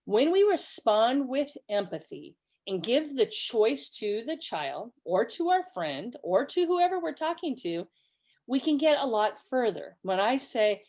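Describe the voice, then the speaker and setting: A woman's voice: a little high, very animated, measured pace, darkish tone. A woman from California giving a conversational online webinar, telling stories and acting out quoted voices. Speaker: webinar presenter.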